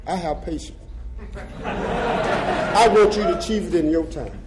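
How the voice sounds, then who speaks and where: An older man giving an impassioned rally speech in colloquial, folksy phrasing, moving between shouted slogans and quiet reflection. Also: sits high, lively intonation, measured pace, heavy background noise. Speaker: activist speaker.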